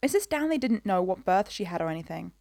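A woman's voice: mid-range voice, very animated, fast talker, vocal fry, darkish tone, dry recording, clean studio sound. A woman voicing an earnest, anxious young woman.

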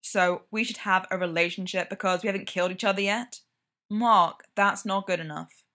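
Woman voicing a guarded young man, dry and disbelieving in a spoken storybook, bright tone. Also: mid-range voice, steady tone, moderate pace, lightly acted. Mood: skeptical. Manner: guarded, incredulous.

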